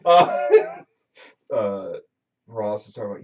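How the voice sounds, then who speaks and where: A man's voice: deep voice, a little fast. A man co-hosting a podcast in easygoing casual chat, reading out discussion topics. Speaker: podcast co-host. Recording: distant mic, dull lo-fi sound.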